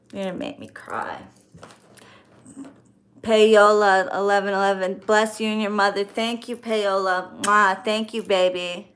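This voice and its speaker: While opening birthday presents, a woman in her thirties chats casually with her viewers, thanking them effusively and gushing with gratitude. Her mid-range voice is a bit bright, with a little hiss or hum in the recording.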